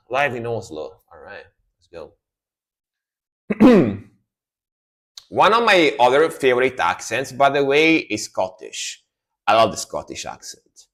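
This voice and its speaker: Hyped streamer dude reacting to metal tracks, voice bouncing all over, swears a lot. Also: male voice, medium pitch. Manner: excited, swears, slips into joke impressions. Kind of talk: casual live reaction commentary.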